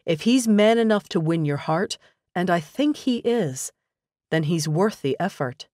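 Woman doing a steady, frank male best friend. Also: on the low side, a little slow, no echo, clean studio sound. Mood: coaxing. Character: young man, loyal lifelong best friend.

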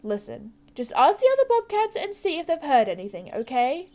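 A woman's voice: high voice, huge pitch swings, a little fast, a little mellow. A woman voicing a bossy, scornful teen girl who leads a clique in a horse game, reading the game's lines aloud in a dismissive, commanding manner.

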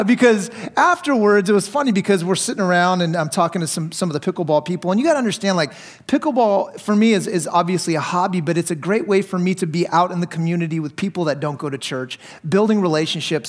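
High-voiced, animated male pastor. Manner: animated, acts out quotes with jumps in pitch and volume; conversational, with restarts and light laughter. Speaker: lead pastor. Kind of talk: sermon with storytelling.

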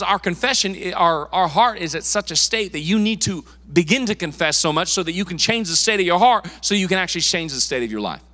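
A male pastor preaching a sermon in a church, casual and emphatic, with quick asides and repeated words. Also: sits high, bright, forceful tone. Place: church sanctuary. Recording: long reverb of a church hall.

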